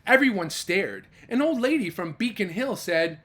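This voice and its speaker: Guy reading a kids picture book out loud, super lively swoopy voice, gasps and asks the kids stuff. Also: high-pitched, moderate pace. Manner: animated, asks the listener questions, gasps and exclaims. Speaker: children's storyteller.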